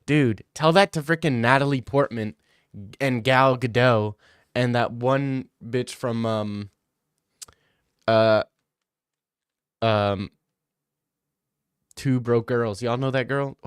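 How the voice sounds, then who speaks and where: A young man chats loosely on a livestream and answers questions. His delivery is crude and joking, full of slang and side tangents. The sound is dry, close and free of any room ring, and his pitch sits in a middle range. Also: steady tone, takes it slowly, pauses often, clear, resonant tone, no room sound. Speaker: streamer answering chat questions. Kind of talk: casual livestream Q&A.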